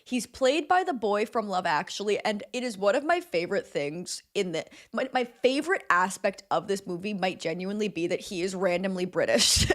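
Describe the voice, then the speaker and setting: A young woman recapping a film in casual chat, chatty and sarcastic, swearing and laughing often. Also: medium pitch.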